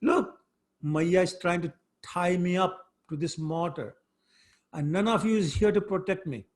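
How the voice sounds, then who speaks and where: A man voicing a mischievous little boy who pleads innocence in a high, whiny voice. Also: sing-song, measured pace, a little mellow. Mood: crying for help.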